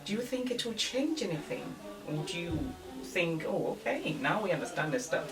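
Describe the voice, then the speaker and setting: Low-voiced woman interviewer, distant mic. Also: big pitch swings, normal speed, over music. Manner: hesitant questions with fillers. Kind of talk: interview questions. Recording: distant mic with crowd noise.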